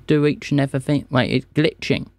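A man's voice: mid-range voice, steady tone, fairly quick, a little mellow, no echo. A man streaming a scam-bait phone call, feigning confusion and playing dumb with the caller. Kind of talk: prank call.

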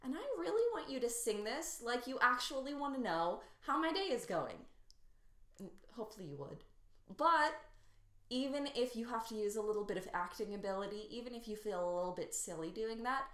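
A woman singing teacher coaching beginners through warmups in an encouraging way. Her voice is slightly scratchy. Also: on the high side, lively intonation, a little fast. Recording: roomy echo, faint piano. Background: faint piano.

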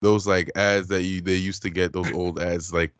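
A low-pitched man riffs in a relaxed, joking way on his own podcast, using slang like "man" and "bro". His voice is close and dry, with no room around it. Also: normal speed, no room sound. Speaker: podcast co-host. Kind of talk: casual chat.

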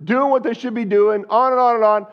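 A man's voice: extremely high pitch, steady tone, brisk, muffled recording. A male pastor preaching a sermon, telling a story with animation and asking the congregation questions.

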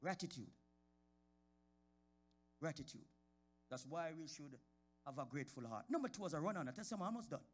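Very animated and fairly quick with frequent pauses, a man preaches a sermon in a church sanctuary. He calls congregation members by name, his voice climbing from quiet talk to shouts.

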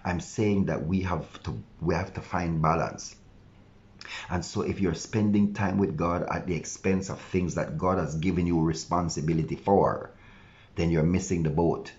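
A male pastor delivers an earnest devotional sermon in a very low, deep voice. He preaches with conviction and sometimes voices his listeners' objections to answer them. The recording sounds dull and lo-fi. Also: normal speed, a little mellow.

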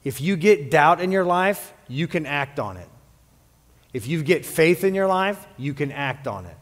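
A male pastor preaching a sermon in a church, animated and jokey with playful asides. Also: fairly high pitch, measured pace, in a large hall. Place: church sanctuary.

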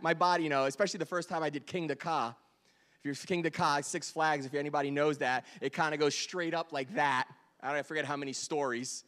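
A man preaching in a fairly high voice, animated and playful with his congregation. He jumps from loud exclamations to hushed, confiding lines. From Delaware, US. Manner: animated, joking, swings between loud bursts and quiet asides. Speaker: pastor. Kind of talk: sermon.

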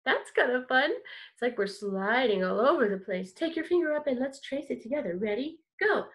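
A woman's voice: high-pitched, expressive, normal speed. A woman teaching a kindergarten music lesson online, talking to small children in a cheerful, encouraging way and keeping her words simple.

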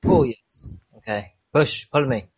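A man's voice: a little high, wildly swooping pitch, unhurried, gravelly, breathy edge, dry recording. A young man playing a video game with a friend, chatting casually in a hesitant way, repeating himself and stalling. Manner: hesitant, repeats words, often stalls with "wait". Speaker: game co-player. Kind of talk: casual let's-play chat. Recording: dull lo-fi home recording.

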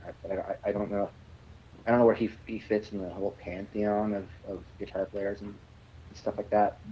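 A man's voice: fairly low pitch, highs cut off, slight background noise. A male musician guest telling a rambling story in a podcast interview, with plenty of restarts and fillers.

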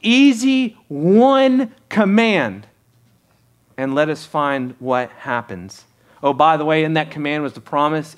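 A man's voice: on the high side, animated, slow. A man preaching a sermon as pastor, talking conversationally and asking the congregation rhetorical questions. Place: church sanctuary.

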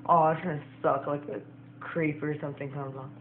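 A young man giving chatty, excitable commentary while playing a video game. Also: on the high side, fairly quick, a little hiss or hum. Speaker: gameplay commentator. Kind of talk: casual let's-play commentary. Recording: tinny lo-fi roomy recording with music. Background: game music.

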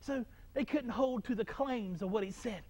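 High-voiced fervent male preacher. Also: normal speed, darkish tone, husky. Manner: fervent preaching with repeated phrases and restarts. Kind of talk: sermon.

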